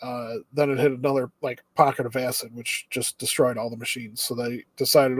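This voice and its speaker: A man's voice: medium pitch, level tone, fairly quick, hardly any pauses, slightly rough, no room sound. A young man co-hosting an anime review chat, steadily summarizing plot with occasional ums and uhs. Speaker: anime review podcast co-host. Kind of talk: casual chat.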